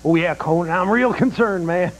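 A man's voice: extremely high pitch, sing-song, normal speed. A man playing a hip, boastful president on a satellite link, with a cackling, slangy drawl. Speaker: comedy sketch performer. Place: late-night TV studio. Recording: noisy broadcast with loud studio audience.

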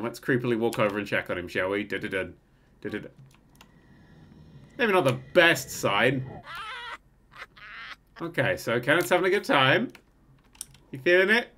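A man hosting a gaming channel, commentating on a game in an excitable way, often swearing and breaking into laughter. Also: fairly high pitch, a little hiss or hum.

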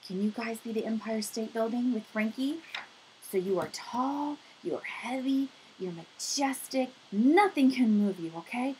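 Animated woman reading to children. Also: a little high, measured pace, breathy edge, rough recording. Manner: animated, encouraging, talks straight to young listeners. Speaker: speech therapist reading to children. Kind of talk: children's read-aloud and activity lesson.

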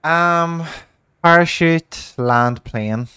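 A young man co-hosting a casual co-op gameplay video, joking and swearing freely and exclaiming loudly while he plays. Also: fairly high pitch, drawn-out words, smooth, dry recording, clean studio sound. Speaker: gameplay co-host.

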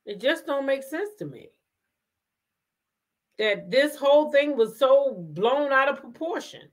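A woman's voice: sits high, lively intonation, unhurried. A woman hosting a casual commentary show, talking emphatically, repeating her points and firing off rhetorical questions. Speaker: commentary host.

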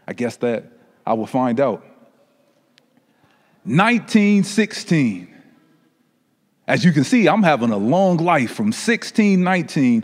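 A man gives voice to an age-old carpet that has lain beneath centuries of lives, in a solemn spoken-word monologue. The delivery is slow, with weighty pauses and a voice pitched a little high. A long reverb trails each phrase. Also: darkish tone. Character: ancient carpet recalling centuries it witnessed, solemn. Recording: long reverberant room echo.

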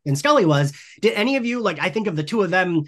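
A man's voice: high-pitched, sing-song, quick pace. A man co-hosting a podcast interview, enthusiastic and chatty, laughing as he asks questions. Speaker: podcast co-host. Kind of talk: casual interview chat.

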